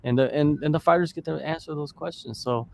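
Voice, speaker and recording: A man's voice: on the high side, fast talker, slight background noise. A man co-hosting a podcast in casual chat, teasing and talkative, with lots of "you know". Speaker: podcast co-host.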